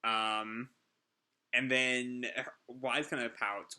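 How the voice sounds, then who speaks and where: A man's voice: medium pitch, expressive, measured pace, pushed and bright. A man chatting casually through a live manga chapter reaction, enthusiastic and full of fillers.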